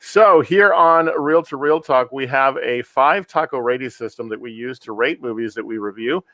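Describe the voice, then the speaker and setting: Male podcast host, measured casual reviewer, mid pitch, dry studio sound. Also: bright, forceful tone, no echo. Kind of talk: casual movie review chat.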